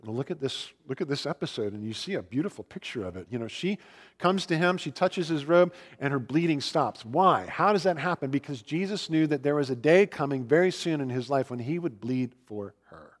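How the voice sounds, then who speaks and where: A man preaching a sermon in a conversational, storytelling way, with fillers and lively asides. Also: on the high side, brisk, in a large hall. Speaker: pastor.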